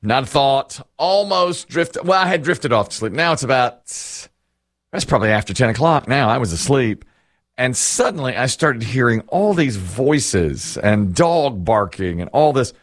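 A man's voice: medium pitch, animated, moderate pace, dry recording, clean studio sound. A middle-aged man hosting a casual chat, telling rambling, self-deprecating stories and laughing often.

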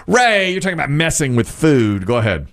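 Lively storytelling male radio host. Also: fairly high pitch, fairly quick. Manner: storytelling, animated, laughs often. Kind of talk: casual radio chat.

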